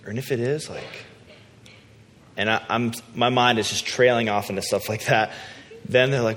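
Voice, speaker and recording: A man preaching a sermon in a relaxed, conversational, self-deprecating storytelling way. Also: mid-range voice, moderate pace. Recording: long hall reverb.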